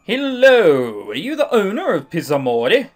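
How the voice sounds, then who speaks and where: Formal, composed young delivery girl, read by a man, lively pitch, faint music behind. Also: a little slow, heavily acted. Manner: formal, stiff phrasing.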